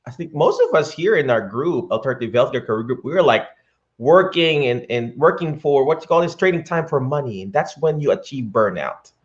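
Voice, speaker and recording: Animated male live-stream host. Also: mid-range voice, brisk. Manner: animated, preachy. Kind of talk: live-stream interview commentary. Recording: dull lo-fi stream audio with faint music.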